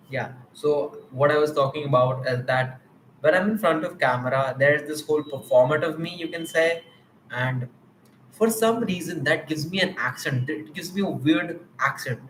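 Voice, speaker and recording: A man's voice: on the high side, roomy sound, a little hiss or hum, rough recording. A man with an Indian accent thinking aloud on an unscripted live stream, rambling and reflecting on himself. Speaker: livestreamer. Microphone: mic with camera.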